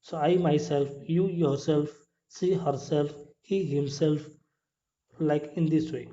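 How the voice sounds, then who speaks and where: A man walks through English grammar rules, repeating each point and asking his listeners whether it is clear. His English is non-native, with small grammar slips. His voice sits a little high and mellow, on a dull lo-fi recording. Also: fairly even intonation, slow. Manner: explains step by step, repeats points, asks "clear?". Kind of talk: classroom grammar lesson.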